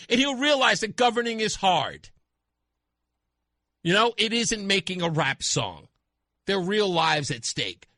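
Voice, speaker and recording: A man hosting a talk radio show, delivering an animated, mocking opinion monologue. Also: sits high, measured pace, long pauses, dry recording, clean studio sound. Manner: animated, mocking, acts out voices.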